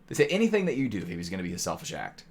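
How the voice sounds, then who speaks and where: A man's voice: sits low, huge pitch swings, racing, a little mellow, a little hiss or hum. Chatty man lecturing to his chat. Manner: talkative, rhetorical "right?" tags, mock voices. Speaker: streamer teaching economics. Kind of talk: casual lecture to live chat.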